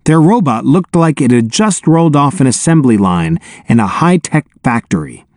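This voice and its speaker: A man narrating an audiobook in an expressive, wry first-person telling, on a close studio mic. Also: medium pitch, moderate pace, dry recording.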